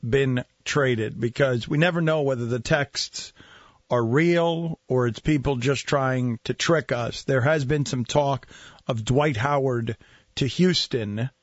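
A man hosting a casual sports radio talk show, joking and animated as he talks. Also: on the high side, no room sound. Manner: joking, animated, does mock voices. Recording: dull dry studio radio sound.

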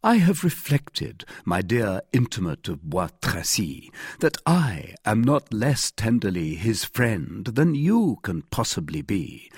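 A man's voice: mid-range voice, darkish tone, slightly rough, dry recording, clean studio sound, full character voice. A man reading a cool, polite young musketeer. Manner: coolly polite, measured.

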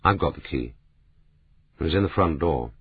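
A man voicing a calm, patient male publisher who speaks gently and gravely. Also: extremely low pitch, moderate pace, no room sound, narrow, tinny audio, pitched below the performer's own voice, exaggerated voice.

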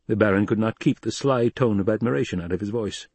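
A man narrating an audiobook in an even, measured storytelling manner. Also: lowish voice, husky, no room sound. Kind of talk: scripted narration.

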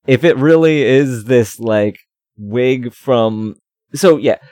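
A man's voice: mid-range voice, takes it slowly, darkish tone, no echo. Man, podcast co-host, rambling casual chat, lots of filler words, dry close mic. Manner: rambling, many fillers and restarts, acts out quoted lines.

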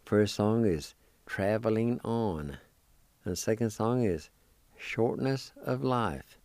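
This radio language teacher has a fairly low, darkish voice with lively intonation and no room sound. He patiently spells out words letter by letter, repeats them slowly, and keeps encouraging those listening.

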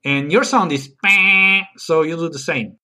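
A man's voice: a little high, unhurried, bright, forceful tone. A man acting an eager, talkative guest expert in a comedy sketch who keeps pushing his own ideas. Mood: enthusiastic. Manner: eager, enthusiastic, rambling. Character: eager male guest expert, adult, chatty and stubborn. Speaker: podcast guest.

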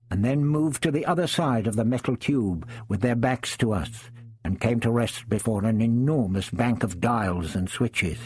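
A man reading a first-person adventure story aloud in a measured, dramatic storytelling manner. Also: mid-range voice, a little mellow, husky. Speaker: audiobook narrator. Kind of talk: scripted first-person narration.

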